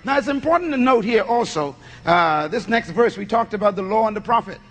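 A man's voice: high voice, animated, a little fast, a bit bright, in a large hall. A man preaching a teaching sermon, reading scripture aloud, then posing questions and answering them himself. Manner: reads scripture aloud and explains it.

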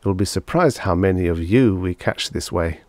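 A man's voice: low voice, moderate pace, a little mellow, no echo, natural voice. A man reading an audiobook, voicing a smug alien collector disguised as a man, breezy and mocking. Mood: smug amused.

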